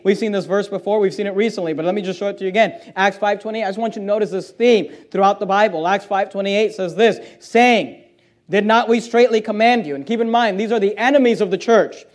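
A pastor preaching a sermon, his voice sitting unusually high for a man. He reads scripture passages aloud and builds to loud, emphatic stretches as he drives his point home.

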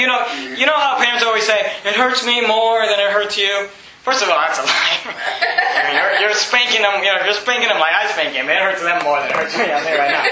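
A man preaching a sermon as pastor, emphatic and often shouting, with chuckles between points. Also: sits high. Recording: roomy echo.

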